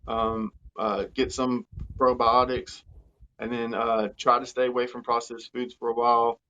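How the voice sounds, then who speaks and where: A man coaching on health in a live question-and-answer chat, talking in a halting way with many fillers and restarts. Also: medium pitch, level tone, bright, forceful tone, highs cut off, slight background noise.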